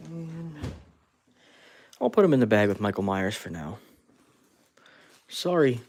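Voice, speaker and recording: A lowish, darkish voice with big pitch swings and a moderate pace, plus a little hiss or hum, belongs to a man sculpting clay on a casual stream. He's chatty and laughs often, narrating his handwork and reading chat to viewers.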